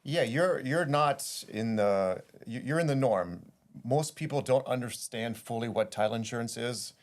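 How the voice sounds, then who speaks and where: A man talks as an interview guest. His voice sits at an ordinary middle pitch, and he tells his story loosely, full of "um"s and restarts. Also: normal speed. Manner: conversational storytelling with fillers and restarts. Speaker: guest, title insurance executive. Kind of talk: casual interview conversation.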